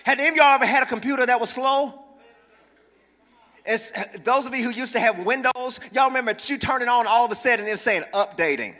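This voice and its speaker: A man's voice: extremely high pitch, fairly even intonation, brisk, bright, forceful tone. A man, a pastor, preaching a sermon in church with humor and calls for the congregation to respond. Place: church sanctuary. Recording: reverberant church hall.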